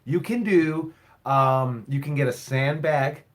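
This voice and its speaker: A man's voice: medium pitch, slow. A man who owns and coaches a wrestling school, answering viewer questions in a casual live stream, rambling, repeating himself and swearing now and then.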